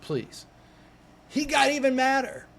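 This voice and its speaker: A man with a slightly raised speaking pitch tells a story as a guest, animated and quick to act out the voices of the people in it. He often restarts words mid-phrase, and his delivery rises and falls as he goes. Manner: lively, acts out quoted voices, restarts words. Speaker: executive coach, guest. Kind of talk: animated personal storytelling in conversation.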